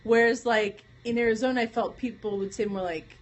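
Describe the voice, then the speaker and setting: A woman's voice: medium pitch, steady tone, a little fast, slight background noise. A woman with a Michigan accent, hosting a casual live stream and telling a rambling story with frequent laughs. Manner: rambling, chatty, laughs often.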